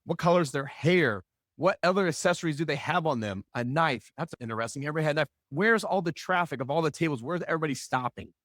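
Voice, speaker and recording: A man's voice: a little high, animated, quick pace, fairly bright tone, dry recording. Man with a dry close voice. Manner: acts out quoted voices, rhetorical questions. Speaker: business speaker. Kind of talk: animated storytelling talk.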